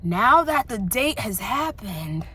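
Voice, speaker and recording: A young woman vlogging in candid casual chat, animated and slangy, often laughing. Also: medium pitch, slow pace, slight background noise.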